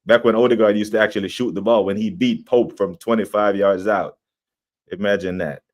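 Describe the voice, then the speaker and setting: A young man hosting a casual football livestream, opinionated and animated, reacting to chat. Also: on the low side, a little fast. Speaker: football podcast host.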